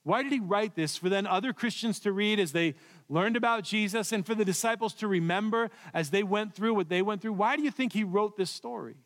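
A man preaching a sermon in a church, telling the story with swings from loud to hushed. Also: high voice, brisk. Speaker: pastor. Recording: long reverb of a large hall.

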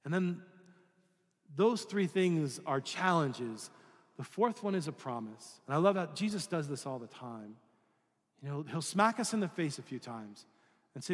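A man's voice: a little high, sing-song, measured pace, in a large hall. A male pastor giving a sermon in a conversational style, asking the listeners questions and sometimes acting out voices. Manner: conversational preaching with rhetorical questions and acted-out voices.

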